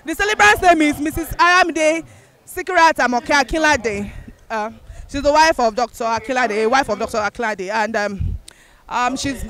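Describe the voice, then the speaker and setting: A woman, the celebrant's daughter, giving a gracious, slightly halting thank-you speech to guests. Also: high-pitched, fairly bright tone.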